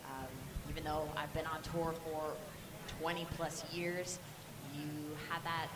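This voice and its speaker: Low-voiced woman, distant and noisy. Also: echoey room. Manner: reflective, measured, thoughtful. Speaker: guest commentator, pro athlete. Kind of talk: live sports commentary. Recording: distant mic with loud ambient noise.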